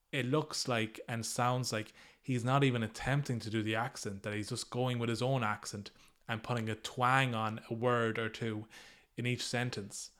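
A man's voice: lowish voice, fairly bright tone, clear, resonant tone. A man hosting a solo podcast, giving his opinions in an easygoing, conversational way. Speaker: podcast host.

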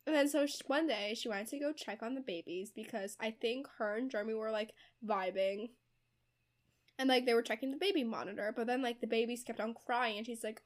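Young woman, higher voice, breathless plot-recap energy, constant "like", acts out quotes. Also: fairly quick. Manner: chatty, heavy use of "like" as filler; acts out characters' quoted lines. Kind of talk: casual chat retelling a novel's plot.

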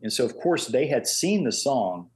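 A man's voice: medium pitch, normal speed, husky. An older man, a guest, telling stories in a casual chat and acting out the voices of people he quotes. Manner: animated storyteller who acts out quoted voices. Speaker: guest, master engraver. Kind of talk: casual storytelling.

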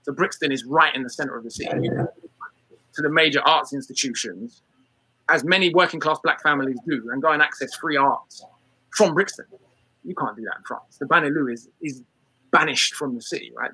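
British male speaker, emphatic talk, forceful husky tone. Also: medium pitch, dry recording, rough recording. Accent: British English. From England. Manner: fast, emphatic, many restarts. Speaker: speaker on race and class. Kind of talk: talk to an audience.

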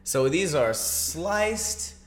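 A man's voice: a little high, very animated, very slow. A man co-hosting a comedy podcast, reading news quotes aloud and joking around in casual chat. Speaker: podcast co-host.

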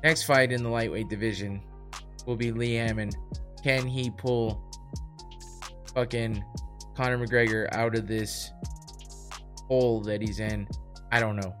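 A man's voice: medium pitch, steady tone, unhurried, long pauses, a bit bright. Man, podcast host, casual fight talk, swears freely, laughs, faint music underneath. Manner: profane, laughing, mocking.

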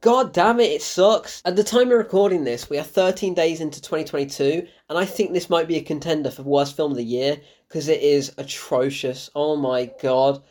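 A woman tears into a film she hated, swearing and laughing in disbelief. Her voice sits a little low. She is casual and fed up. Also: normal speed, few pauses, darkish tone. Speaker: film reviewer. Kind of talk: ranting film review.

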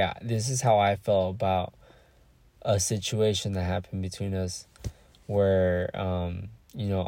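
A young man talks through a casual solo podcast in a low voice with a gravelly, fry-laden edge. His tone is dark and mellow, and the close mic is dry. He rambles, stops to search for words and swears freely. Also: no echo. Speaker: podcast host.

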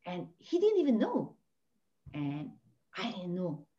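A woman from Lebanon, a podcast guest telling her personal story with passion, swinging between hushed and near-shouting. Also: fairly low pitch, wildly swooping pitch, takes it slowly. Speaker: podcast guest, life coach. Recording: dull lo-fi audio.

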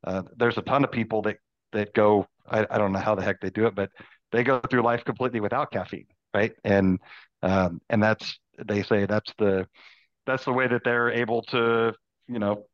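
A man talking casually as a podcast guest, halting and full of fillers. His low voice comes through dull, lo-fi remote audio that sounds dry. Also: fairly even intonation, dry recording. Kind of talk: casual conversation.

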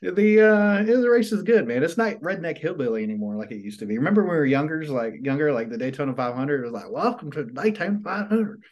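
A man's voice: on the high side, quick pace, few pauses, darkish tone, muffled recording. A man co-hosting a podcast, talking in a laid-back, joking way. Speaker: podcast co-host. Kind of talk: casual chat.

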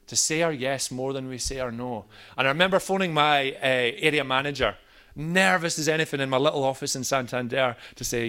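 A man in the pulpit, sharing his testimony with a bright, forward voice. He tells the story casually and lifts into livelier quoted moments. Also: medium pitch, clear, resonant tone. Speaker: pastor. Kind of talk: personal testimony talk.

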